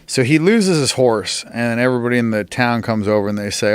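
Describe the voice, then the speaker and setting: A man's voice: on the low side, normal speed, clean tone, dry recording. A man telling a long story as a podcast guest, swearing often and filling his speech with "like" and "you know". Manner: profane, filler-heavy storytelling. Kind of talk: casual storytelling. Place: podcast studio.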